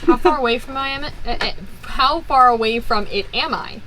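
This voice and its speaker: Excitable woman player, fairly high voice. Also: moderate pace, a little hiss or hum, rough recording. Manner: excitable, swears when rolls fail. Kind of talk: casual tabletop game play.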